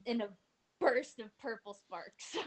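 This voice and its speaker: Unhurried woman running a tabletop game. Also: on the high side. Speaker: game master. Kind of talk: narrating a tabletop role-play game over voice chat.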